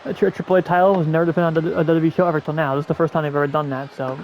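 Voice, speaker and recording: A man's voice: a little high, little pitch movement, racing, lo-fi sound, a little hiss or hum. Chatty man recapping a wrestling show. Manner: rambling, repeats words, laughs at himself. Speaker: podcast host. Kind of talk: casual wrestling recap chat.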